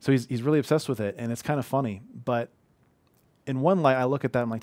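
A man's voice: medium pitch, quick pace, a little mellow, no echo. A man in his thirties giving an earnest, conversational sermon from a living room, telling heartfelt personal stories. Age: 30s. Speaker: pastor.

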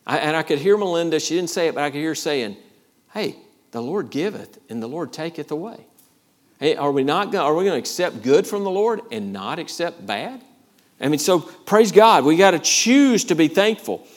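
A man's voice: on the high side, sing-song, normal speed. Emphatic preacher man. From Georgia, USA. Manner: emphatic preaching with repeated phrases and calls of "Amen?". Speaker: pastor. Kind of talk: sermon.

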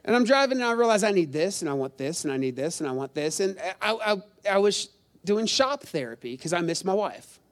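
A man's voice: sits high, lively intonation, a little fast. A middle-aged male pastor preaching a sermon in a chatty, self-deprecating storytelling way, quizzing the congregation.

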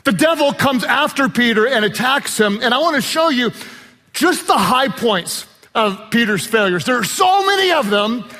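Man, pastor, preaching a sermon, high voice, animated, shouted emphasis, long hall reverb. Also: normal speed.

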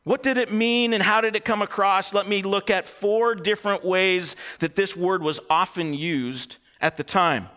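A man delivering a sermon with a high, bright voice. He preaches expressively and emphatically, dropping to hushed tones and rising into excited ones. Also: moderate pace, few pauses, smooth.

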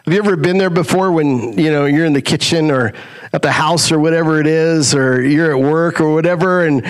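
In a clean tone, a male pastor preaches, posing rhetorical questions. He alternates between loud, rapid phrases and low, stretched-out ones.

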